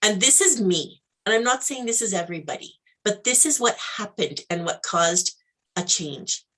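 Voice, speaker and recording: A woman tells a personal story as an interview guest. She acts out other people's lines and laughs now and then. Her pitch sits in the middle of the range. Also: moderate pace. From Canada. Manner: animated storyteller, acts out dialogue, laughs often.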